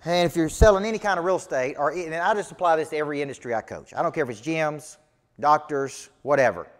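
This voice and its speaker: A Southern US man teaching a business seminar, his voice sitting a little high for a man. He drives his points home with folksy phrasing and rhetorical questions. The sound rings with a long reverb from the hall. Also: fast. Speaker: business coach.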